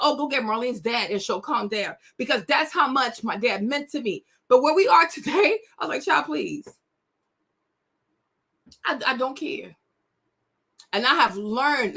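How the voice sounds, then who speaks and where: Bright high-pitched woman in her thirties. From United States. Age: 30s. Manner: emotional, confiding, repeats herself for emphasis. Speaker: host. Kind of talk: casual chat to camera.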